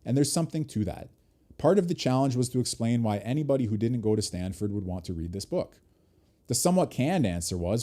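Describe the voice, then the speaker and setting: A man hosting a livestream, reading an article aloud at an even pace and stopping now and then for short asides of his own. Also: mid-range voice, a little fast. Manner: reads text aloud, breaking off for brief asides.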